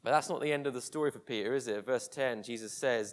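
A man preaching a sermon, telling a scripture story vividly and dropping to a hush for tender moments. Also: mid-range voice, fast, few pauses.

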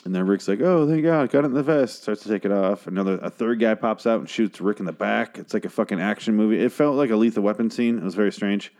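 A man talking in a hushed way late at night at home, casually recapping a TV episode and swearing often. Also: on the low side, steady tone, fast talker, hardly any pauses. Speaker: show recapper. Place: home at night, a girlfriend asleep in the next room.

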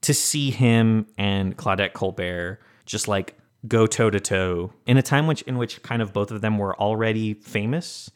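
A man co-hosting a podcast, talking about an old film in an animated, blunt way and swearing now and then. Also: lowish voice, unhurried. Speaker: podcast co-host. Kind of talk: casual film discussion.

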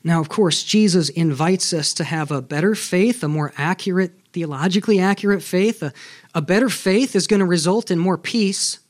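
A man with a high speaking voice delivers a sermon as a pastor. He preaches earnestly and with emphasis, often checking in with his listeners through rhetorical questions. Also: moderate pace.

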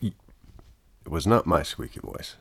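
A man's voice: low-pitched, lively intonation, unhurried, creaky, breathy edge, no echo. A man co-hosting a comedic podcast, needling his partner in a dry way. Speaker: co-host.

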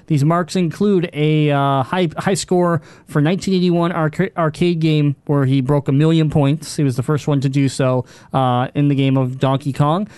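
A man's voice: on the high side, a little mellow, smooth, dry recording. A man hosting a gaming podcast, reading out news with fillers and joking with his co-host. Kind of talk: casual gaming news chat.

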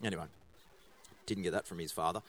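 A man's voice: low voice, fairly even intonation, fast talker, fairly bright tone, a little hiss or hum. A middle-aged man, a pastor giving a casual sermon in a church, chatty and joking, with many fillers and restarts. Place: church auditorium.

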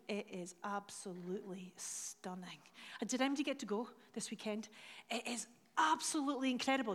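A high-voiced Scottish woman in middle age tells self-mocking stories from the church stage and acts out each exchange. Her voice carries through a big hall with a long reverb tail. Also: a bit bright. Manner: chatty, self-mocking storyteller, acting out dialogue. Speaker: church leader speaking from stage. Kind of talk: anecdotal sermon talk.

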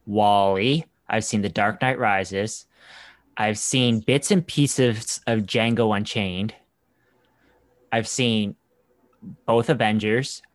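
A man's voice: lowish voice, dry recording. A young man from Canada in casual chat as a co-host, an easygoing, rambling storyteller. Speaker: podcast co-host.

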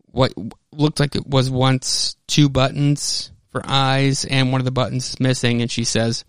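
A man's voice: mid-range voice, little pitch movement, unhurried, smooth, no echo. A man in the middle of his range hosts a podcast, walking listeners through a comic book plot in a loose, conversational way full of fillers and self-corrections. His voice is recorded close and dry, with no room sound around it. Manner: loose retelling with many fillers and restarts. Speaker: podcast host. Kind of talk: casual comic book recap.

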